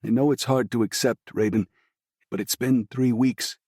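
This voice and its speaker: A man reading the lines of a middle-aged father in an audiobook, calm, steady and consoling. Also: medium pitch, normal speed, no room sound, studio quality, pitched above the performer's own voice, natural voice. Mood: tender. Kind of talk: audiobook dialogue.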